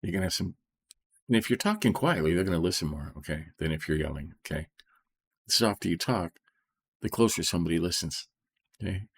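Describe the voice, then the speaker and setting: A middle-aged man reading scripture and explaining it in an informal, soft-spoken way, often checking in with "okay?" and slowing down on key phrases. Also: low-pitched, expressive, husky. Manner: slows right down to stress key phrases. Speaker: Bible study teacher.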